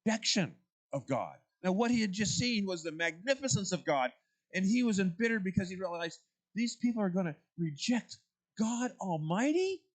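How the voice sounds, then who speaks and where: A man leading a church Bible study class, talking through the text in a conversational way and putting questions to the group. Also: high voice.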